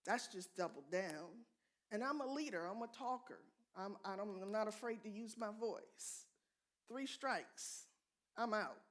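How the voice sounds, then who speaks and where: Middle-aged woman talking at a church event, straight-talking, lively storytelling, middle pitch. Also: a little slow. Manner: candid, direct, animated storytelling. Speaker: conference speaker. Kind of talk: church conference talk.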